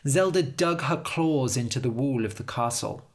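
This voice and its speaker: A woman narrating a story for English learners as a scripted read-aloud, with an expressive, lively delivery. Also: very deep voice, normal speed.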